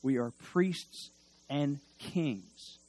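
A male preacher giving a sermon, swinging between loud emphasis and hushed asides and leading the congregation in call-and-response. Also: mid-range voice, drawn-out words.

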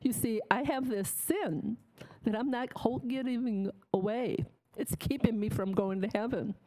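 A woman's voice: a little high, a little slow, darkish tone, rough recording. A woman giving a candid, plainspoken personal faith testimony to an audience, emotional at times. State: tearful. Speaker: testimony speaker.

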